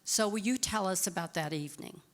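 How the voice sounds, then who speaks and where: A woman interviewing a guest, asking her prepared question in a measured, earnest way. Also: medium pitch.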